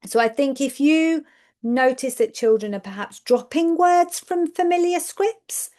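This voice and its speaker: A woman's voice: sits high, animated, measured pace, a little mellow. A woman, a speech and language therapist giving a webinar presentation to educators, explaining step by step, checking in with her listeners and repeating words for emphasis.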